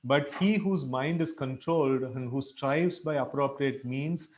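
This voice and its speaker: A man leading a scripture reading, coaching pronunciation in a halting way with frequent fillers and self-corrections. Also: mid-range voice, darkish tone. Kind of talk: pronunciation lesson, online class.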